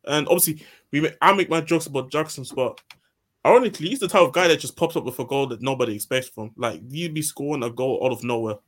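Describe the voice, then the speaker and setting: A man's voice: medium pitch, fast talker. A man in a casual football chat, rambling and repeating himself as he makes his point.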